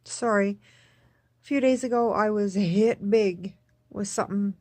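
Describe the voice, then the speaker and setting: A woman recording a personal video diary, speaking in a subdued, tearful, halting way and repeating herself. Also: medium pitch, warm tone, dry recording. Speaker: vlogger.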